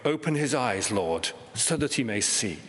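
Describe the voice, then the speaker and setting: A man reading scripture aloud, giving an older male prophet a low, measured, steady voice. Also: long reverb tail. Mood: calm.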